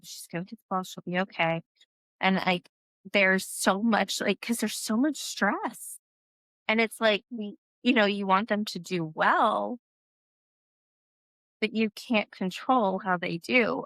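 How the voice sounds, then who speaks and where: A woman's voice: medium pitch, a little slow, a bit bright, dry recording, rough recording. A woman in her thirties, a mother who hosts a podcast, talking in a casual, chatty way with lots of fillers. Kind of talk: casual chat.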